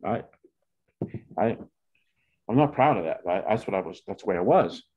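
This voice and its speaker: A man's voice: lowish voice, lively intonation, moderate pace, breathy edge, dull audio. A man in his seventies from Oklahoma, telling his life story in a rambling, heartfelt way with many restarts. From Oklahoma, USA. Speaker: interviewee.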